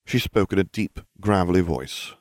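A man's voice: deep voice, normal speed, a little mellow, no echo. A man narrating a fan fiction story in the first person, with dry, wry humor. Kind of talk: fan fiction audiobook reading.

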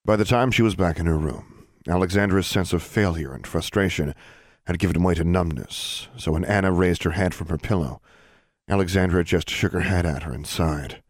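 As an audiobook narrator, a deep-voiced man reads a scripted fantasy story in an even, steady storytelling manner at normal speed. The studio sound is clean, with no room sound.

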